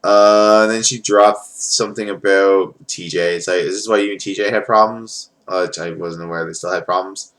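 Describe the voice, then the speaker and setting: A man's voice: deep voice, steady tone, normal speed, few pauses, a bit bright. A man reviewing a wrestling reality show in a casual, rambling vlog, swearing freely and filling gaps with "uh" and "like". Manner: rambling, profane, lots of filler.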